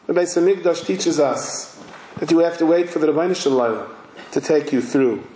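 High-voiced rabbi preaching in echoey hall. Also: male voice, warm tone, a little hiss or hum. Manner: slow, emphatic, vivid narration. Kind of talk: dramatic sermon storytelling. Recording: roomy hall echo.

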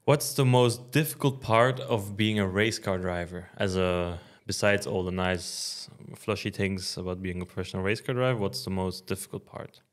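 A man's voice: deep voice, normal speed, few pauses. A racing driver hosting a podcast, chatting casually and teasing his guest with dry humor. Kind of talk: casual chat.

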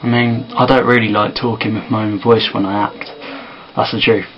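A man talking quietly and softly to camera in a casual sit-down vlog. He sounds tired. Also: lowish voice, level tone, normal speed, highs cut off, slight background noise. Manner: quiet and soft-spoken. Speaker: vlogger and amateur filmmaker.

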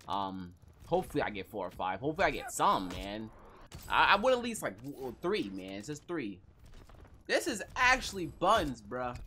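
Animated, excitable gaming commentator. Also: mid-range voice, a little hiss or hum. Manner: excitable, frustrated, slangy, restless. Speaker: gaming YouTuber. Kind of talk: casual gameplay commentary.

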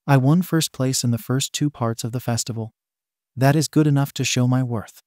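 A man's voice: mid-range voice, fairly even intonation, moderate pace, darkish tone, no room sound, clean studio sound, natural voice. A man voicing a determined teenage boy training to be a hero, speaking firmly and matter-of-factly.

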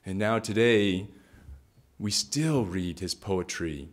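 A man's voice: deep voice, slow. A man giving a storytelling talk, retelling a myth dramatically with lots of repetition. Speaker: speaker.

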